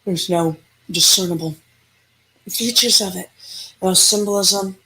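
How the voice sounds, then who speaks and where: Female paranormal investigator, animated storyteller in an interview. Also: medium pitch, unhurried. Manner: animated storyteller, acting out dialogue.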